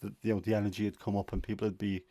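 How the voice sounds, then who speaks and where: A man's voice: lowish voice, little pitch movement, rapid-fire, dark tone, dry recording. A man hosting a casual livestream, chatty and opinionated, rambling with fillers. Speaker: livestream host.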